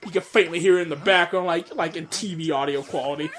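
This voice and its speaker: A man's voice: on the high side, quick pace, a bit bright. A man giving a casual, rambling audio commentary on his comic dub, often correcting himself mid-sentence.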